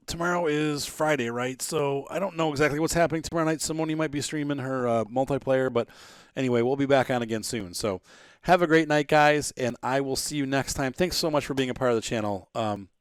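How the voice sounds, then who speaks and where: A man's voice: medium pitch, smooth, no echo, clean studio sound. A man chatting casually while streaming a truck driving game, rambling with many restarts. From Midwestern US.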